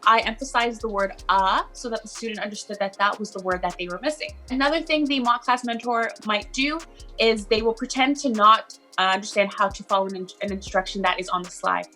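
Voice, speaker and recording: A woman's voice: medium pitch, steady tone, brisk, sharp tone, soft background music. A woman mentor explaining an online teaching mock class in an upbeat, encouraging way. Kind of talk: instructional video chat.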